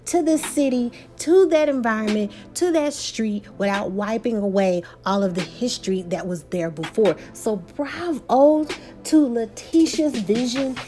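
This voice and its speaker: A woman's voice: fairly high pitch, measured pace, warm tone. A woman with a Texas accent recapping and reviewing a reality show, chatty and opinionated, talking straight to her viewers. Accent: Texan.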